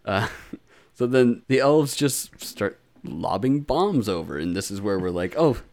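Lowish male podcast co-host, tired and giggly, swears a lot, squeaks out character voices in casual recap chat. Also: lively intonation, measured pace, vocal fry, darkish tone. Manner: laughs often, swears freely, acts out characters in high squeaky voices. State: tired, drinking.

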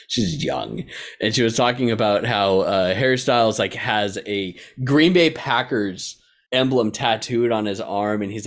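Rambling young man from Texas. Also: on the low side. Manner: rambling, many fillers and restarts. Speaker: podcast co-host. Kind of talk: casual chat.

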